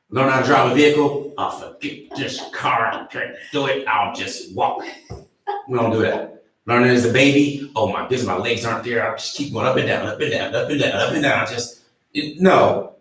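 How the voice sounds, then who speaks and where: A male relationship coach speaks earnestly in a motivational livestream and weaves in personal stories. He sits well away from the microphone, and his voice echoes strongly around a bare room. His pitch sits in the ordinary middle range for a man. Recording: very echoey room, voice from far off the mic.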